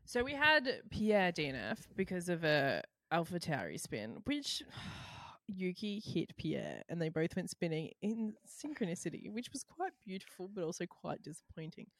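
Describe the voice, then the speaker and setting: A woman co-hosting a podcast, talking in an excitable, chatty way with plenty of quick asides. Her voice sits fairly low for a woman, and the sound is dry and close. She keeps the chat casual and lively. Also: no echo. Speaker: podcast co-host.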